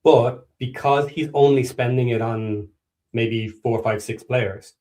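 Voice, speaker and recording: A man's voice: mid-range voice, steady tone, slow, darkish tone. A man co-hosting a casual fan podcast, talking football in an earnest, analytical way and repeating words as he thinks. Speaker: podcast co-host.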